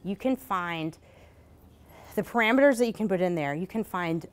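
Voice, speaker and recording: A woman giving a conference presentation in a casual, hurried way, full of fillers and asking "right?" as she goes. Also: fairly low pitch, expressive. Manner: casual, many fillers, rhetorical "right?" tags; hurried, self-correcting. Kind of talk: live presentation. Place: conference session.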